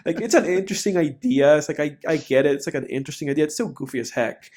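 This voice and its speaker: A man with a fairly high voice co-hosts a casual film podcast. He rambles in an animated way, leaning on fillers as he works through his points. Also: fast. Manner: rambling, animated, frequent fillers like "you know". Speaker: podcast co-host. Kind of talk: casual film review chat.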